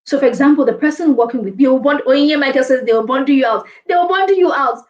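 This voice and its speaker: Lively woman coaching on a stream. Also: high voice, quick pace. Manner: lively, reads and thanks viewer comments, laughs often. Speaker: presentation skills coach. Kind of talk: live online training session. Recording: dull lo-fi stream audio.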